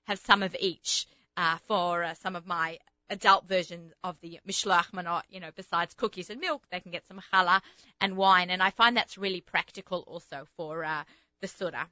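A woman's voice: on the low side, normal speed, bright, forceful tone, no room sound. A middle-aged woman hosting a show, talking in a chatty, homey way and trailing off into asides. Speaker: host. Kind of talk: casual chat. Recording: slightly dull lo-fi recording.

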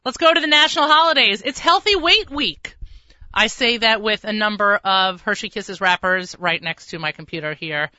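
A woman hosting a radio talk show, telling rambling commuter stories full of quick asides. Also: mid-range voice, bright, forceful tone, no echo, dull audio. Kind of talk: casual radio chat. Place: radio studio.

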